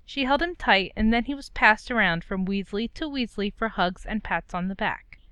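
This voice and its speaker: A woman reading a story aloud in a steady, gentle way. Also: medium pitch, moderate pace, smooth, no echo. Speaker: story reader. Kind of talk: reading fan fiction aloud.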